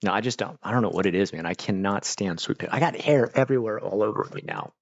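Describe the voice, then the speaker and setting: Low-voiced man rambling on a livestream. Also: fast, vocal fry, dry recording, dull audio. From Pennsylvania, US. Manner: rambling, chatty, talks while eating. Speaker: livestream host. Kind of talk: casual livestream chat.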